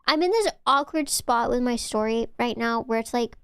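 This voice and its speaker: Woman livestreamer, casual chatty ramble with loose swearing; smooth, clean tone, dead-dry sound. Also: on the high side, lively intonation, moderate pace, no room sound. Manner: rambling, playful, swears freely. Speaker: VTuber streamer.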